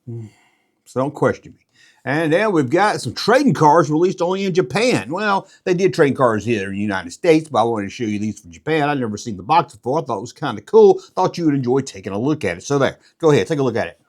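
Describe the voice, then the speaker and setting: A man's voice: medium pitch, sing-song, brisk. A middle-aged man hosting a casual show-and-tell vlog, rambling and joking as he goes. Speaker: YouTube collectibles host.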